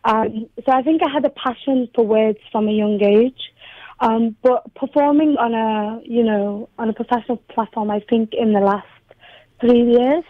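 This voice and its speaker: A woman's voice: fairly high pitch, fairly even intonation, moderate pace, no echo. A young woman from Liverpool with a Scouse accent, talking hesitantly with many ums as a guest on a radio interview. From Liverpool, England. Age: young adult. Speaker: poet and spoken word performer. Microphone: phone call. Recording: tinny dry phone line.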